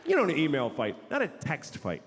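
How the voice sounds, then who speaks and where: A male stand-up comic rants with a blunt, profane edge, and his pitch jumps around a lot as he mocks the people he quotes. His voice sits a little high for a man. A long hall reverb carries it, with faint room sound underneath. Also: huge pitch swings, brisk, slight background noise. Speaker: stand-up comedian. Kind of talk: stand-up comedy routine. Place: large hall with an audience.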